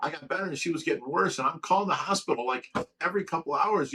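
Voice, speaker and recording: A man's voice: a little high, fast talker, pushed and bright, recorded from a distance, slight background noise. A man hosting a livestream, telling a long personal story in a rambling way, stammering and repeating himself with lots of fillers. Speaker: livestream host of a fish rescue.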